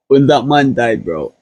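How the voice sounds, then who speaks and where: Slow, mellow young Jamaican man. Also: mid-range voice, slightly rough, dry recording. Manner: emotional, keeps saying "bro". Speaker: reaction video host. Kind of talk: casual reaction commentary.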